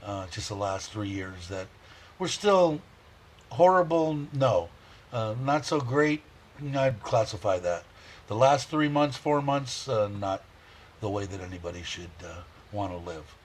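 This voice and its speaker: A man's voice: on the low side, animated, a little slow. Rambling heartfelt male livestream host. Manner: rambling, reads viewer comments aloud; heartfelt, chuckles often. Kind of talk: casual livestream chat.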